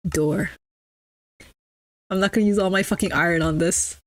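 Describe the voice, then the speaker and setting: A young adult woman streams a game, her fairly low, steady voice moving at normal speed with no echo. She chats casually with her viewers and teases them with mock-snobby banter.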